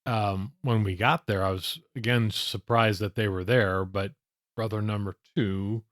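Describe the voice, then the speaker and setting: A man's voice: on the low side, steady tone, unhurried, no echo. A man co-hosting a casual chat, laid-back with a dry sense of humor. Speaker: co-host, husband.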